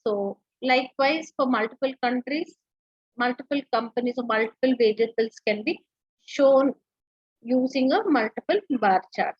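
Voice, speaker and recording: A woman's voice: a little high, moderate pace, breathy edge, dry recording, lo-fi sound. A woman teacher giving an online lecture, explaining step by step with frequent fillers and restarts.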